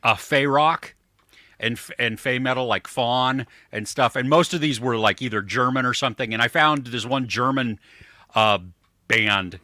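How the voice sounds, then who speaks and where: Brief: excitable male co-host, bright edgy tone, dry mic. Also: medium pitch, normal speed, no room sound. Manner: excitable, rambling tangents with laughter. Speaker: podcast co-host. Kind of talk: casual chat.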